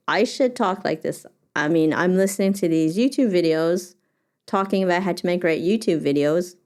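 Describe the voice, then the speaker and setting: Low-voiced woman musing on her podcast. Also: darkish tone. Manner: thinks aloud with many fillers and restarts. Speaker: podcast host. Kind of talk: reflective solo podcast monologue.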